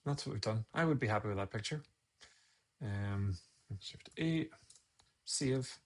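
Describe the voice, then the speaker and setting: A man's voice: lowish voice, expressive, unhurried. A man casually talking viewers through a photo edit on a live stream, rambling and thinking aloud as he works.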